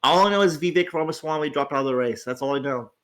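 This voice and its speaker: Groggy male stream host, raised pitch, loose profane rambling delivery. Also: quick pace. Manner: rambling, swears freely, stammers on restarts. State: tired, groggy. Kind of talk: casual livestream chat.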